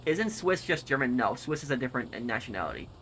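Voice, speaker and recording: Male game streamer reading chat aloud, bright voice, rambling and friendly, often restarts. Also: mid-range voice, sing-song, fast, a little hiss or hum. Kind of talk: casual livestream chat reading comments.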